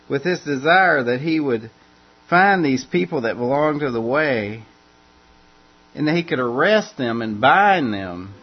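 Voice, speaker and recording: A male preacher teaches in a loose, conversational way, circling back over his phrases. His voice is gravelly and husky. The recording sounds muffled and lo-fi. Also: on the high side. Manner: informal, repeats and restarts phrases as he explains. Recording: dull lo-fi recording.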